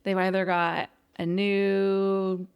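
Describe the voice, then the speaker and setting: A woman's voice: medium pitch, flat delivery, takes it slowly, clear, resonant tone, lo-fi sound. A woman co-hosting a podcast, chatting casually about a movie and eagerly acting out its scenes. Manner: enthusiastic, acts out lines from the movie. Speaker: podcast co-host. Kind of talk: casual chat reviewing a movie.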